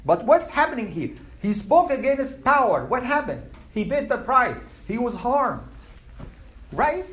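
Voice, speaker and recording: A religious teacher giving a classroom lecture, animated and quizzing the students as they go. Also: mid-range voice, a little slow. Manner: animated, asks the class questions.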